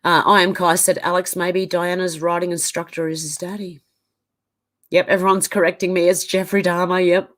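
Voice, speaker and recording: A woman's voice: on the low side, flat delivery, normal speed, a bit bright. A woman with an Australian accent hosting a casual livestream, reading viewer comments aloud and reacting to them. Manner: reads out chat comments and reacts conversationally.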